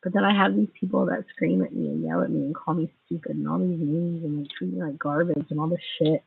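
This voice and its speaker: A woman's voice: sits low, steady tone, fast talker, vocal fry, slightly rough. A woman in her forties, venting angrily and bitterly on a livestream, sarcastic and full of swearing. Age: 40s. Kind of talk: angry venting monologue. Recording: tinny distant phone mic.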